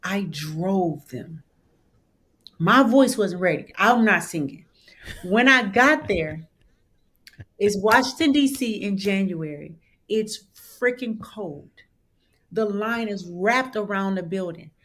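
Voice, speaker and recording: Michigan woman, 30s, gospel singer telling a story, acts out everybody she quotes, lots of ups and downs. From Saginaw, Michigan, USA. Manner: lively storyteller who acts out the people she quotes in high voices. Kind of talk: animated storytelling in conversation.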